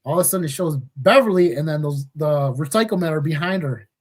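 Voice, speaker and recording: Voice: mid-range voice, lively intonation, quick pace. Podcast host, mid-range voice, casual movie recap, loose and profane. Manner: casual, swears freely, laughs often.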